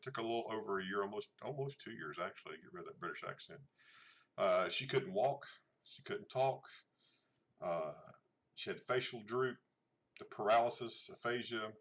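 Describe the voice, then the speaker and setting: A man's voice: lowish voice, fairly bright tone. A middle-aged man, chatting casually to a livestream audience, rambling with many fillers and restarts. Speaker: channel host. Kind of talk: casual livestream chat showing photos.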